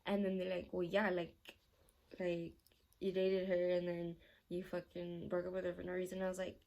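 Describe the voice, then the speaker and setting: A woman's voice: lowish voice, moderate pace, creaky. A young woman vlogger telling a story in a casual Q&A, rambling and swearing often, with lots of filler words. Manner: animated, laughing while telling the story.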